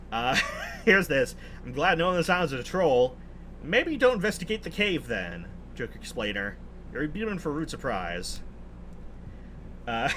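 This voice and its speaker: A man's voice: medium pitch, slight background noise. Amused young man narrating game clips. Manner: chuckles often, relaxed and amused. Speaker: host. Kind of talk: casual game commentary.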